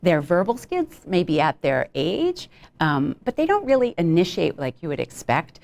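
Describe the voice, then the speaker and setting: A woman giving a clinical lecture on child behavioral health in a relaxed, conversational way, with frequent ums and brief acted-out examples. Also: fairly low pitch, normal speed, vocal fry.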